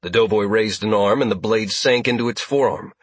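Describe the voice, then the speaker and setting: A man narrating an action story as an audiobook reader, in steady, even storytelling. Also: on the low side, fairly quick, husky, no echo. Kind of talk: scripted narration.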